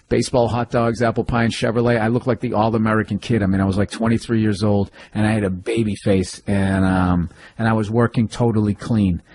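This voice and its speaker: Man, middle-aged, comedian, husky voice, animated rambling rants. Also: lowish voice. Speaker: comedian guest. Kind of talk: casual interview chat.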